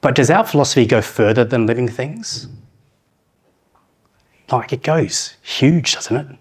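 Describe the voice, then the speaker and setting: A middle-aged man giving a conference talk, asking the audience questions and slowing down to read proverbs aloud. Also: medium pitch, animated, breathy edge. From New Zealand. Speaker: conference speaker.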